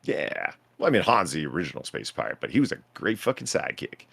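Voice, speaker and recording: A man's voice: low voice, very animated, creaky, fairly bright tone, husky, no room sound. A man co-hosting a live stream, chatting casually and riffing with wry jokes. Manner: wry, joking, quick to riff. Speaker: stream co-host.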